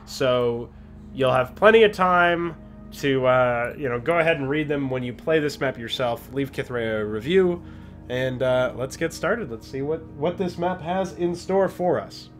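A man's voice: mid-range voice, animated, a little slow, faint music behind. A man hosting a let's-play, talking casually and enthusiastically about a game he is playing. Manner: chatty, enthusiastic. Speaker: host.

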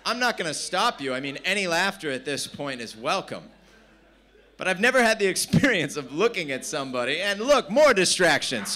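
A man's voice: on the high side, sing-song, moderate pace, pushed and bright. A man from San Diego, performing brash, profane stand-up with crowd work at a live comedy venue. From San Diego, California.

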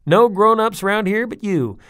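A man reading a story aloud, voicing a blunt little girl who shouts with excitement. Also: high-pitched, measured pace, no room sound, clean studio sound, voice pushed up.

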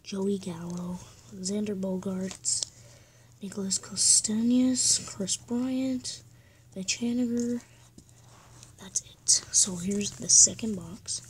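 A woman opening trading card packs on her channel, speaking slowly and often dropping to a hushed whisper, then getting excitable. Her voice sits in a middle register. Loud crinkling and tearing of wrappers fills the recording. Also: medium pitch, noisy background. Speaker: channel host. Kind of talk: card-pack opening vlog.

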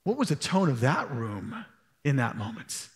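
A man's voice: medium pitch, very animated, normal speed, long reverb tail. A man preaching a sermon as pastor, telling stories in a loose, conversational way. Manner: conversational storytelling with asides. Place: church hall.

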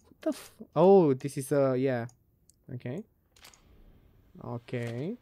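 A woman's voice: low voice, lively intonation, slow pace, long pauses, warm tone, dry recording. A woman playing a puzzle game and giving let's play commentary, muttering, swearing and laughing to herself. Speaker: gamer.

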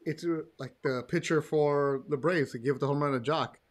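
A man with a fairly high voice talks baseball on a casual podcast. He is animated and jumps in quickly with his own takes. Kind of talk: casual sports chat.

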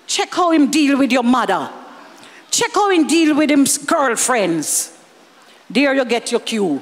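A woman with a Jamaican accent preaching a lively sermon, slipping into Jamaican Creole and chuckling as she speaks. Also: high voice, unhurried, in a large hall. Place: church hall.

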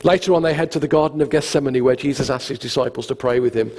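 A man's voice: mid-range voice, fast talker, a little mellow. A male pastor preaching a sermon, telling the story with humor. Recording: long reverb, church hall.

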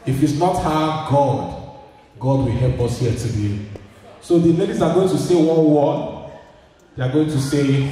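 A man, emceeing a party and joking with the crowd, often shouting. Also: on the high side, far from the mic. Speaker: event MC. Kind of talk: party hosting on a mic. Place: indoor party room. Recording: echoey hall, mic heard from afar, music behind.

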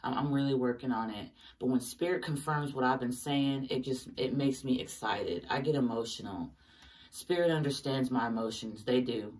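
A woman's voice: extremely low pitch, brisk, far from the mic. A woman giving a casual tarot reading, talking emphatically to her viewers and cursing often. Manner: emphatic, swears often, talks straight to viewers. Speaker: tarot reader.

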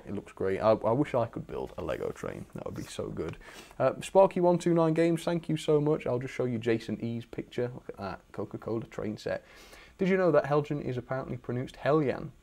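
His voice is medium-pitched, creaky and dark in tone. The young British channel host chats enthusiastically on a casual live stream, reading out viewers' requests, showing their pictures, and dropping self-deprecating asides.

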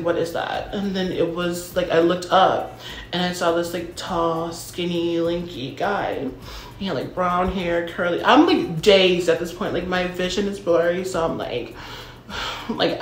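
A woman's voice: fairly low pitch, reverberant, slight background noise. Ditzy, profane young valley-girl storyteller. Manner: self-absorbed, brash and profane. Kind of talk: comedic storytime monologue.

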